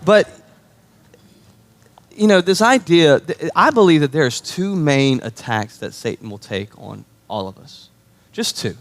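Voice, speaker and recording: A man's voice: fairly high pitch, animated, unhurried. A man preaching a sermon as pastor, telling stories in a conversational way and often checking in with his listeners. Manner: conversational storytelling, checks in with the audience.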